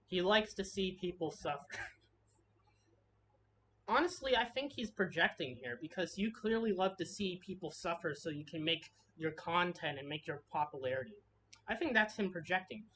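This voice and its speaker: A woman's voice: on the low side, expressive, normal speed, fairly bright tone, faint music behind. A woman delivering a harsh, heated commentary rant, swearing freely and restarting her sentences. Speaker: commentary video creator. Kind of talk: ranting commentary.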